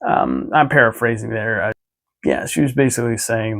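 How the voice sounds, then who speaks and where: A man's voice: fairly low pitch, very animated, normal speed, vocal fry, a bit bright. A man vlogging a casual recap of his day, easygoing and chatty, rambling with lots of filler words and restarts.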